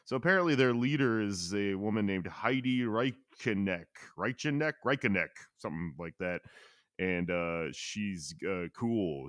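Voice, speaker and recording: A man's voice: deep voice, no room sound, studio quality. A man co-hosting a podcast, talking in a rambling, jokey and profane way. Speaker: podcast co-host. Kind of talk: casual chat.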